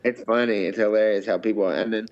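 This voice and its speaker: A man's voice: fairly low pitch, fairly even intonation, fast talker, muffled recording. A man, a professional fighter, telling stories in a laid-back, amused, slangy way during an interview. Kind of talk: casual interview storytelling.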